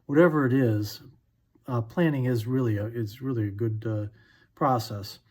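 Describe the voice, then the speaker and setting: A man, a financial advisor, giving a short unscripted talk on faith and money, relaxed and full of fillers and restarts. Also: mid-range voice, normal speed.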